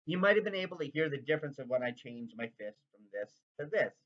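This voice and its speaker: A man from Canada rambling in an excitable, profane, casual rant. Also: fairly high pitch, quick pace, dull audio, noisy background. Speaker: vlogger.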